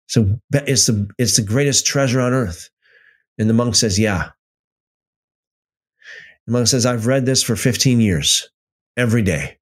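Man telling a story on a livestream. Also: fairly low pitch. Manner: storytelling with many restarts and repeated words; reads out and answers live chat comments. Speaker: livestream host. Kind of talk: casual livestream teaching.

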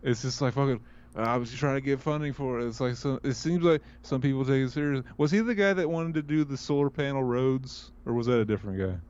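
A man's voice: mid-range voice, expressive, quick pace, few pauses, darkish tone. A man co-hosting a casual podcast, laid-back and swearing freely. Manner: laid-back, profane, laughs often. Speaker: podcast co-host. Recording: dull lo-fi sound.

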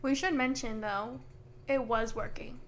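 A woman's voice: a little high, fairly even intonation, measured pace, slight background noise. A woman co-hosting a podcast, adding short agreements and clarifications in casual chat. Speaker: podcast co-host. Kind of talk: casual book-club chat.

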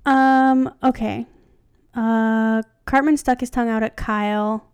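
A woman's voice: fairly high pitch, steady tone, slow pace, darkish tone, clean tone, no room sound, clean studio sound. A woman co-hosting a casual podcast, reading a fan story aloud and breaking off to joke and comment. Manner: chatty, joking, stops to comment.

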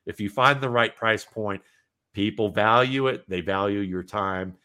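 Low-voiced rambling man on a podcast. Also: measured pace, bright, forceful tone, clean tone. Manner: talkative, rambling, many restarts. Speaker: podcast guest. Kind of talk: casual podcast conversation.

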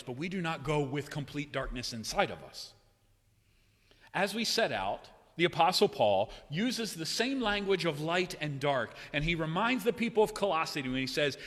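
A man preaching a sermon in a church, swinging between loud, raised cries and hushed, low passages. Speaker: pastor. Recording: long hall reverb.

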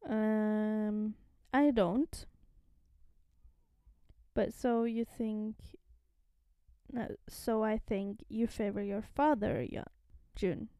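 A woman's voice: medium pitch, fairly even intonation, very slow, pauses often, mellow, clean tone, no echo, clean studio sound. A woman co-hosting a podcast, chatting casually about a comic series with plenty of fillers and small laughs. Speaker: podcast co-host.

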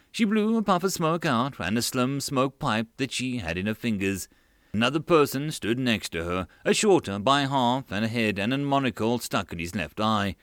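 Male narrator for a fantasy audiobook; mid pitch, very expressive, dry booth sound. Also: no echo. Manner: expressive reading voicing all characters. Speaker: audiobook reader.

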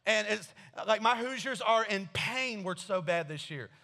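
Animated male preacher, slightly high voice, jokes and stories from the pulpit. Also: measured pace, vocal fry. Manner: animated, joking asides, storytelling. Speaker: pastor. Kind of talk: sermon.

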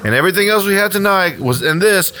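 A man's voice: high voice, animated, fast, sharp tone. A man co-hosting a casual beer podcast, joking and rambling as he gives his ratings. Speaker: podcast co-host. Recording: noisy room.

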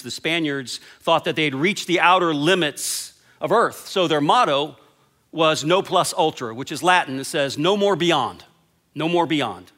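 A man preaching a sermon, retelling stories and dropping to a quiet hush on the key lines. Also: mid-range voice. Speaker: pastor.

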